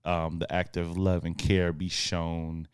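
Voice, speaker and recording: A man in his thirties with a lowish voice, co-hosting a podcast in an easygoing, slang-filled way. He laughs often as he tells stories. The sound is dry and close, with no room echo. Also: monotone, slow, smooth. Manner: laid-back slang-heavy storytelling with laughs. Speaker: podcast co-host. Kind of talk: casual chat.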